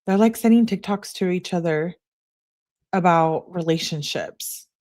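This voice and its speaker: A woman with a fairly low speaking voice hosts a true crime video. She reads messages aloud in a plain, conversational way and cuts in with blunt, disbelieving remarks. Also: a little slow, darkish tone. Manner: blunt, incredulous asides. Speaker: true crime channel host. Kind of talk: reading text messages aloud with commentary.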